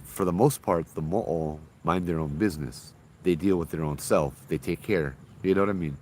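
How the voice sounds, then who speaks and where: A man, a ghost tour guide telling spooky stories in a casual, animated way with local slang. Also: low-pitched, normal speed, slight background noise. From Hawaii.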